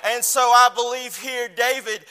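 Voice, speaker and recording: A man preaching a fiery sermon, his chanted cadence swelling into shouts. His voice sits very high and carries a bright, ringing edge. The church hall around him holds a long reverb. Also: flat delivery, measured pace, smooth, soft background music.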